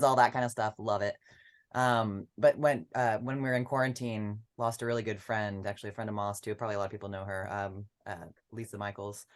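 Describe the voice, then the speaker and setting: An activist guest from Memphis, Tennessee, speaking earnestly and reflectively in a casual panel chat, with a few pauses. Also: mid-range voice.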